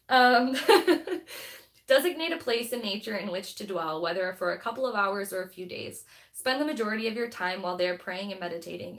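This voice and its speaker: A woman's voice: mid-range voice, fairly bright tone. Rambling woman on a live stream. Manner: rambling, thinks aloud, chats with viewers. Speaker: spiritual live streamer and tarot reader. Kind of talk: casual live stream chat and reading aloud.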